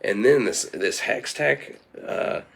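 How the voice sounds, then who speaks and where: A man's voice: lowish voice, animated, slow pace, vocal fry, fairly bright tone. A man telling an improvised comic story in a meandering way, with lots of fillers and restarts.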